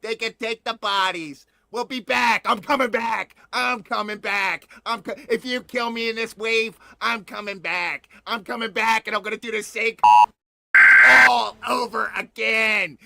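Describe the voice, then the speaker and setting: A man hosting his own online news show, talking excitedly with lots of laughter, repeating himself and drawling out words. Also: sits high, gravelly, no echo. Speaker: host of an online news channel. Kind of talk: excited livestream monologue.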